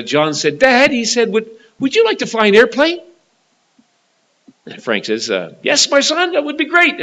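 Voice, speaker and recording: A male preacher tells a story in an earnest way. His voice is bright and forceful, and he repeats phrases as he builds to emphatic points about eternity. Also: mid-range voice, low-quality recording. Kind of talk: gospel sermon with storytelling.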